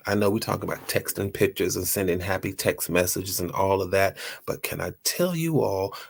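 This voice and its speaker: A man's voice: deep voice, normal speed, vocal fry, slightly rough. A man hosting a motivational talk, earnest and repeating his phrases for emphasis. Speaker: host.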